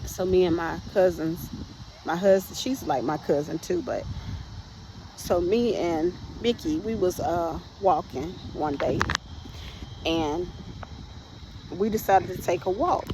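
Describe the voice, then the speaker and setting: A woman's voice: on the low side, slow, long pauses, noisy background. Woman telling a personal testimony. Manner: conversational, addresses listeners as "y'all", frequent restarts. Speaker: podcast host sharing her testimony.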